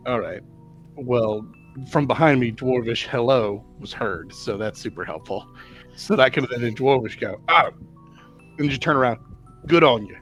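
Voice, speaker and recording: A man with an ordinary mid-pitched voice plays a tabletop game in an easygoing way. His sentences often trail off quietly. Faint music runs under the talk. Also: moderate pace. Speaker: player.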